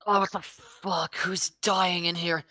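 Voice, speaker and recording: A grumpy, blunt character roused from sleep swears at the room, as a woman plays it. Her voice sits low and close, with a dry sound in this tabletop game. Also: level tone, slow, pushed and bright, no echo, exaggerated voice.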